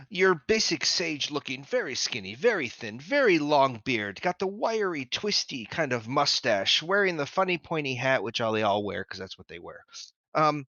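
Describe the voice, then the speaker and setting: A man's voice: fairly high pitch, pushed and bright, dry recording, highs cut off. A man narrating as game master of a tabletop game, improvising descriptions with lots of fillers.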